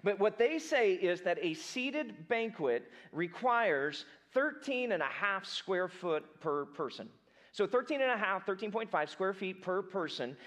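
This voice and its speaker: A young adult man preaching a casual sermon, telling a Bible story in a lively, conversational way and acting out the characters in everyday speech. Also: high voice, a little slow. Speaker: pastor.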